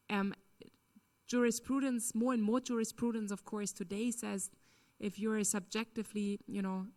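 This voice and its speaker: A woman's voice: mid-range voice, vocal fry, a little mellow. Earnest woman speaker at a lecture. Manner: earnest, emphatic, frequent fillers. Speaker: conference speaker. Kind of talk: lecture Q&A answer.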